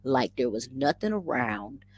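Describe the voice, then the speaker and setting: A woman in her forties tells a story to her viewers with animated, self-mocking energy. Her voice sits unusually low and sounds raspy and breathy. The recording is dry and close, with no room sound. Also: unhurried, dry recording. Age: 40s. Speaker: vlogger and rabbit farmer. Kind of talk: casual storytelling.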